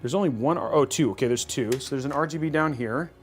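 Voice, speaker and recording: A man's voice: medium pitch, fast talker, soft background music. A man hosting a livestream, chatting casually and thinking aloud while building a computer. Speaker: host.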